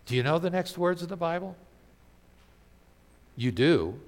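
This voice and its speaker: A man's voice: on the high side, animated, a little slow, in a large hall. A man preaching a sermon, emphatic and full of rhetorical questions. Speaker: pastor.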